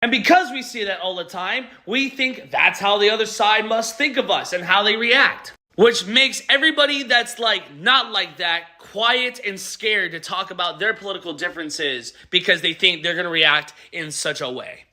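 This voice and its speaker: A man with a high, ringing voice talks straight to camera in an earnest opinion monologue. He is measured and calm as he appeals for common ground. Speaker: commentator.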